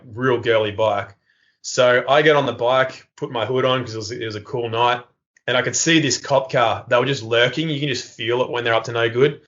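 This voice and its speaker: This podcast guest has a medium-pitched, slightly bright male voice. In a casual interview, he spins a meandering, humorous story packed with filler words and laughs. The audio is a bit lo-fi.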